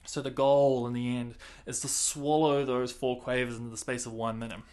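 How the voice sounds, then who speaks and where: A man's voice: medium pitch, flat delivery, moderate pace, darkish tone. A man teaching a clarinet lesson in a casual, chatty way, counting and singing the beats aloud and laughing at himself.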